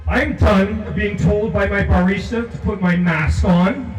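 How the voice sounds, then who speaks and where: Older guy with a high voice at an outdoor protest, slow and shouty, leads chants, echoey and far off the mic. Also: faint music behind. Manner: declaiming, repeating lines, shouting to lead chants. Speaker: protest speaker. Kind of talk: impassioned rally speech. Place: outdoor rally at a legislature. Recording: echoey, distant from the mic, loud crowd.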